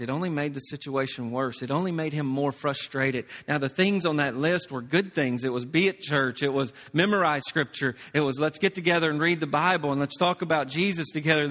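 A man preaching a sermon as pastor, shifting from soft, intimate stretches to loud, emphatic ones. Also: a little high. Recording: long reverb of a large hall.

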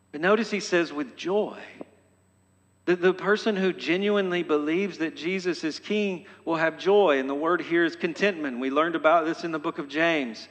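Male pastor, emphatic sermon delivery, bright and forceful tone, stumbling restarts. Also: on the high side, moderate pace. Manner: emphatic, building to loud exhortation; repeats phrases with stumbling restarts. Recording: long hall reverb.

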